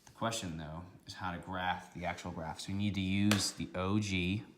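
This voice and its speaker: A man's voice: sits low, steady tone, normal speed, noisy background. A man teaching a recorded math lesson, walking through each step methodically and checking in with "okay" along the way.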